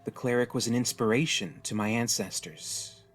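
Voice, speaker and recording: A man's voice: medium pitch, moderate pace, breathy edge, faint music behind, natural voice. Jaded stranded young woman, tough and resigned, read by a male narrator. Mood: explaining. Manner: blunt, weary, resigned.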